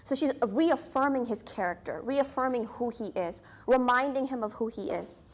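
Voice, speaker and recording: A woman's voice: fairly high pitch, normal speed. A young adult woman teaching an Islamic studies class in a casual, storytelling way, often asking "right?" and using many fillers.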